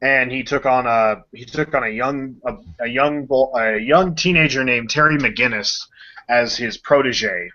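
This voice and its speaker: A man co-hosting a casual podcast chat, talking with enthusiasm and acting out scenes in quick voices. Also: mid-range voice, sharp tone. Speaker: podcast co-host. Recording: dull lo-fi podcast audio.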